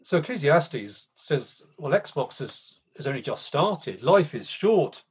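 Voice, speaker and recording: Guy preaching, bit husky, chatty and halting, kinda dull lo-fi audio. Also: on the high side, sing-song. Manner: conversational, halting with repeated restarts. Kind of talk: sermon. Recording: slightly dull lo-fi sound.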